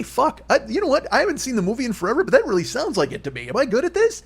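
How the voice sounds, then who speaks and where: A man's voice: very high voice, huge pitch swings, rapid-fire, few pauses, breathy edge. A man in his fifties hosting a solo comedy podcast, rambling and profane with a self-mocking streak. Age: 50s.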